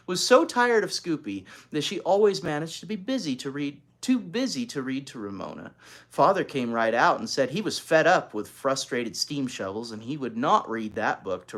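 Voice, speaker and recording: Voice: mid-range voice, a bit bright. A reader narrating a children's chapter book aloud, adding chatty asides to young listeners. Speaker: storybook reader.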